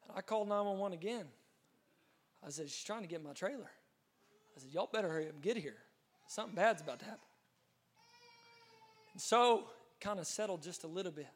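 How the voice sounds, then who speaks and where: A man's voice: high-pitched, animated, brisk, long pauses. A man, a pastor telling an earnest, dramatic testimony in a sermon, with frequent restarts. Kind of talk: storytelling sermon.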